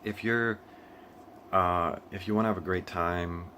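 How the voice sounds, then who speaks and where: Deep-voiced young man rambling to camera. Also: fairly even intonation, measured pace, bright, forceful tone, a little hiss or hum. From United States. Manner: rambling, with frequent restarts and laughs. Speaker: vlogger. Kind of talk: casual monologue. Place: living in Asia.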